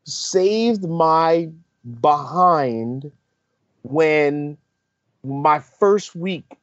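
A man with a fairly high voice chats casually as a podcast co-host and tells an on-course story with lively energy. He slips into the voices of the people he quotes. The recording is dry and a little dull. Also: extremely slow, dry recording. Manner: animated storyteller, acts out quotes.

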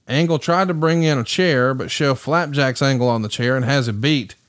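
A man runs through results in a brisk recap and then turns to his co-host with questions. His voice sits at a middle pitch. The sound is dry and close to the mic with no room around it. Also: dry recording. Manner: brisk, reads match results and asks questions. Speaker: podcast host. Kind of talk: match recap commentary.

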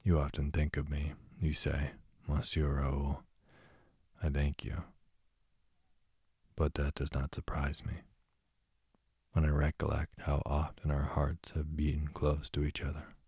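A man voicing a shy, tender young woman in love, read in his own slow, soft and even way. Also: rumbling low, breathy edge, no echo, studio quality, exaggerated voice.

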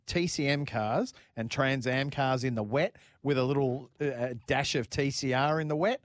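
A man with an Australian accent co-hosting a motorsport radio show, reading listener texts in jokey, excitable banter full of matey slang. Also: mid-range voice, moderate pace, no echo.

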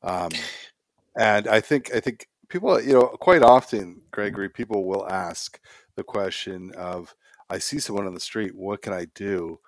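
A man with a fairly low voice hosts a podcast interview. He asks his questions in a warm, encouraging way, and the sound is dry and close. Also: a little slow, dry recording. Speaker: podcast host.

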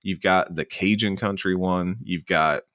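Guy on a podcast, real low voice, laughs a lot and rambles, dry close sound. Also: no echo. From Southern United States. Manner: animated, quick to laugh, rambling with restarts. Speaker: podcast co-host. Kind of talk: casual podcast chat.

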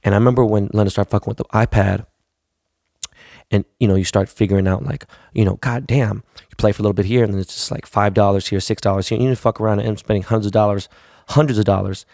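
A man's voice: fairly low pitch, fairly even intonation, fast talker, creaky, darkish tone, no echo, clean studio sound. A man in his thirties from the US West Coast, hosting a podcast in a blunt, profane, rambling monologue. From United States, West Coast. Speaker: podcast host. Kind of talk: casual monologue.

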